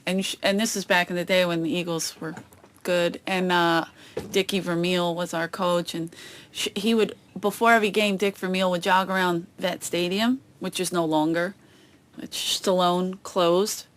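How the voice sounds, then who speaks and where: A woman comedian chatting as a podcast guest, telling stories with lively acted-out quotes. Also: lowish voice, moderate pace. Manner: animated storytelling, acts out quoted voices. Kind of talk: casual chat. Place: outdoors on a boat.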